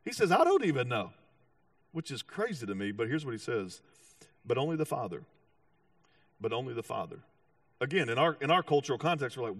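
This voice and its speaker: A man preaching a sermon with animated storytelling, acting out voices and often restarting his sentences. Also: mid-range voice, quick pace, long pauses, no room sound, far from the mic. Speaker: pastor.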